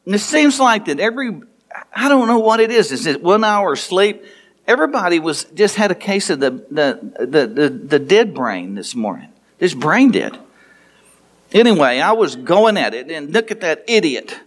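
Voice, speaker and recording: A man's voice: very animated, normal speed. A man preaching a sermon, retelling a story with playful asides and acting out the dialogue. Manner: storytelling, playful, acts out dialogue with rising pitch. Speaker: pastor.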